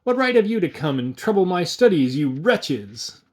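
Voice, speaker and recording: A man voicing a tiny, ragged, wizened old fellow with a piercing high-pitched voice and a curt, grandiloquent manner. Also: wildly swooping pitch, moderate pace, slightly rough. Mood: indignant.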